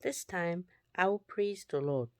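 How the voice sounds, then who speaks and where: A woman reads an unloved wife from a Bible story, earnest and hopeful. The voice is slow and a little low. The sound is close and dry. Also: darkish tone, no echo, lightly acted. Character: Leah, unloved wife hoping for love.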